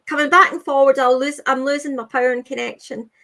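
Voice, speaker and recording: A woman giving a live spirit reading as a medium, halting and repetitive, often reassuring with "okay, sweetheart". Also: high voice, steady tone, sharp tone. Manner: halting, repeats phrases, soothing with "okay, sweetheart".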